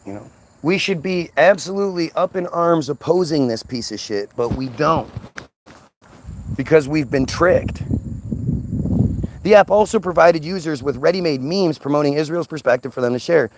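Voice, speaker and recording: Male commentator, agitated unscripted rant, raised pitch, stumbling repeats. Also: lively intonation, moderate pace, slight background noise. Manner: ranting, agitated; repeats and restarts words. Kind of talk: unscripted monologue.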